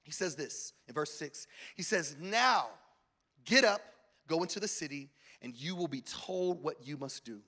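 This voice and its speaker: High, bright-voiced preaching pastor. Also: male voice, animated, unhurried. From American South. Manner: preaching with call-outs and rising emphasis. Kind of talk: sermon. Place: church auditorium.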